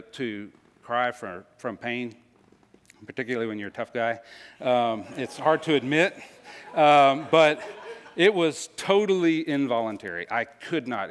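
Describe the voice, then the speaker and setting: A man telling a personal story to an audience in a casual, halting way, with many fillers and restarts. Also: medium pitch. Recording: long hall reverb.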